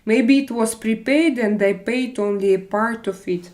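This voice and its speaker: A woman with a Russian accent hosts a relaxed live-stream chat and talks to her viewers. She speaks slowly, in a slightly high voice, and hesitates, stumbles and restarts as she goes. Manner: halting, hesitant, many fillers and restarts. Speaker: livestream host reading chat.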